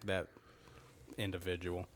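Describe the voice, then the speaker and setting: Guy in his 30s on a podcast, swearing a lot, rambling story, kinda low voice. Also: completely flat delivery, unhurried, slight background noise. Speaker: podcast guest. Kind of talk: casual storytelling.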